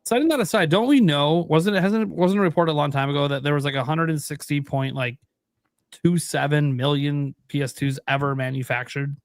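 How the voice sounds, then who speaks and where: A man co-hosting a casual gaming podcast, rambling and restarting as he thinks out loud through sales figures. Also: on the high side, brisk, no echo, studio quality. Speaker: podcast co-host.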